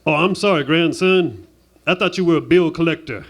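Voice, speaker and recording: A man voicing his elderly grandfather, a sly prankster, in a slow, lowered voice. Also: fairly bright tone. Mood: sheepish.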